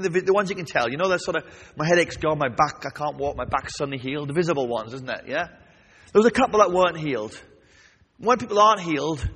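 A man preaching a sermon, lively, often asking the congregation questions. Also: on the high side, breathy edge. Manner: animated, asks the congregation questions. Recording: long reverb of a large hall.

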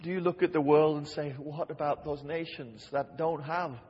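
A man's voice: fairly high pitch, steady tone, normal speed, breathy edge. A man preaching a sermon with fervor, repeating key phrases and quoting scripture aloud. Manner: impassioned, repeats phrases for emphasis. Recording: lo-fi hall reverb.

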